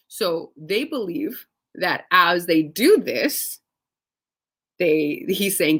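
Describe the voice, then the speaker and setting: A woman teaching scripture in a casual, animated way, reading verses and acting out the speakers with conversational asides. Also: on the low side, a little slow, creaky, slightly rough. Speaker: Bible study teacher.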